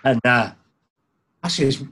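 Scottish guy telling stories, huskyish voice, animated, does the voices. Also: mid-range voice, slow pace, husky. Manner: broad, animated storytelling with acted quotes. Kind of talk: casual chat, anecdotes.

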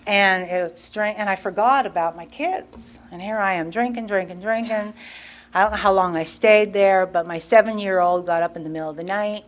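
A woman's voice: medium pitch, normal speed. A middle-aged woman candidly telling her own recovery story, acting out her past self in quoted asides. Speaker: guest speaker sharing recovery story. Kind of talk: personal storytelling at a recovery meeting.

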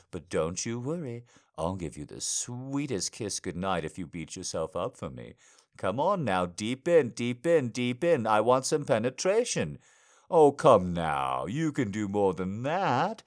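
A man speaking an intimate roleplay monologue straight to the listener, murmuring low, teasing and commanding. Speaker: audio roleplay narrator.

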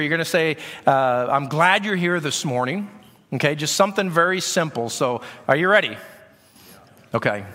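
A man's voice: on the high side, pushed and bright. A middle-aged man preaching a sermon to his congregation, talking conversationally and often repeating words as he goes. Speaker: pastor. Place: church sanctuary. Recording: long reverb of a church hall.

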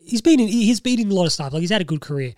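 A man co-hosting a casual podcast, retelling film scenes with animated energy. His voice sits a little high, and the close mic gives it a dry, dead sound. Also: rapid-fire, dry recording. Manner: animated storyteller, quotes scenes in put-on voices. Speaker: podcast co-host. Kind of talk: casual chat.

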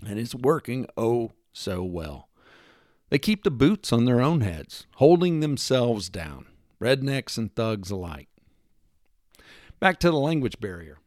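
Man for a sarcastic opinion monologue, lively swooping delivery, dry close sound. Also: medium pitch, dry recording. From United States. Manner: emphatic, sarcastic, lecturing with rhetorical questions; mimics accents in quoted lines. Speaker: commentator.

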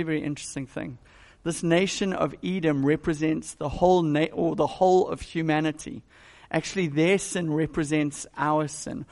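Gravelly-voiced male pastor preaching. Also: fairly high pitch, a little mellow. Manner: conversational, emphatic preaching. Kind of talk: sermon.

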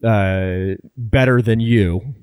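Deadpan man co-hosting a podcast. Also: lowish voice, extremely slow, clear, resonant tone, dry recording. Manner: dry, deadpan joking. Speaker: podcast co-host. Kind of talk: casual chat.

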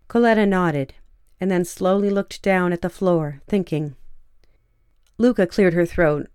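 A woman narrating a fiction story in a measured, even storytelling way. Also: fairly low pitch, clear, resonant tone, no room sound, clean studio sound.

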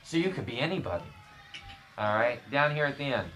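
A woman's voice: rumbling low, big pitch swings, fairly quick, background noise. A woman hosting a podcast, chatting casually with a group of kids and prompting them with short, encouraging questions. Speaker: podcast host and leader of a youth group.

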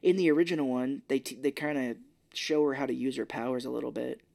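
Guy cohost on a movie podcast, retelling scenes, lively and chatty. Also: mid-range voice, quick pace, creaky. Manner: animated retelling with acted-out quotes. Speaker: podcast co-host. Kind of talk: casual movie recap.

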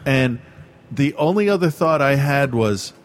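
A man's voice: mid-range voice, expressive, a little slow. A man chatting casually with a friend, sarcastic and profane, mocking what he hears in the news. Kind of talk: casual chat.

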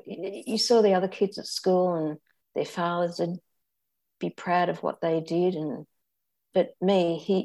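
An older Australian woman telling a personal story as an interview guest, candid and reflective, halting often and restarting. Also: on the low side, vocal fry, darkish tone.

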